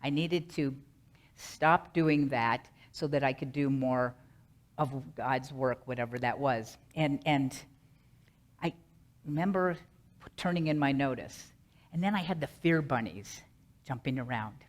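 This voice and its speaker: A middle-aged woman minister giving a sermon, earnest and rhythmic, slowly repeating a mantra. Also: extremely low pitch.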